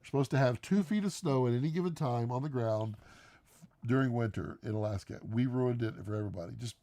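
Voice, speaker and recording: Man, live stream co-host, casual quick chat, dry close sound, gravelly. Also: mid-range voice, dark tone, dry recording. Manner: fast-talking, laughs often.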